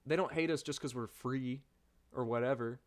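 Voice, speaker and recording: A man's voice: mid-range voice, normal speed. A man streaming a reaction to a video, speaking in a rambling, exasperated way and asking rhetorical questions. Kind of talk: casual reaction commentary.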